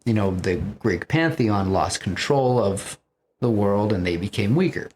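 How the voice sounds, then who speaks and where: Low-voiced guy rambling through a movie pitch, lots of "you know", faint noise behind. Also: animated, measured pace, a little mellow. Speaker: podcast host pitching a film story. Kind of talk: casual story pitch.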